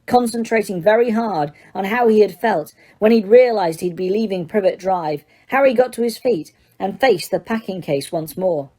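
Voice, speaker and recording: A woman narrating an audiobook in a steady, dramatic storytelling manner. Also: medium pitch, moderate pace, hardly any pauses. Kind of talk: scripted narration.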